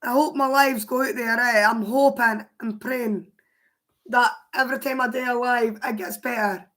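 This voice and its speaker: A Scottish woman speaks in a fairly high voice that has gone hoarse and worn. She chats casually on a livestream, answering her viewers' comments aloud as they come in. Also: fairly even intonation, moderate pace, a bit bright.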